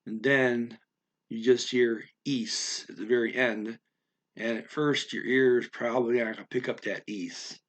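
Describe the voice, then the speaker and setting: A man explaining words of a story in an unscripted lesson, thinking aloud with many fillers and repeating words slowly to practice how they sound. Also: medium pitch, steady tone. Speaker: language learner explaining vocabulary.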